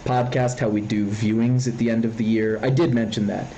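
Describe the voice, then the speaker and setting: A man in his twenties co-hosting a casual podcast over a voice call, telling animated stories and laughing often. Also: lowish voice, a little fast, crowd noise, rough recording. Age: 20s. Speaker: podcast co-host. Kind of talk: casual chat. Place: home, remote voice call. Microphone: voice chat headset mic.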